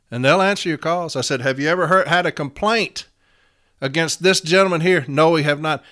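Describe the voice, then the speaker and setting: A man with a bright, ringing voice pitched a little above most men, telling his story to listeners. He hammers each point with repetition like a preacher, then drops low to recount events. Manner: emphatic, repetitive, preacher-like cadence; swings between loud declarations and quiet storytelling. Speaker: union steward and podcast host. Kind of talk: impassioned monologue.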